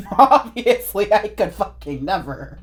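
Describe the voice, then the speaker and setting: A woman's voice: medium pitch, big pitch swings, slow, slight background noise. A woman in her twenties chatting casually and giggling while painting her face in her bedroom, rambling and swearing freely. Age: 20s. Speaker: vlogger.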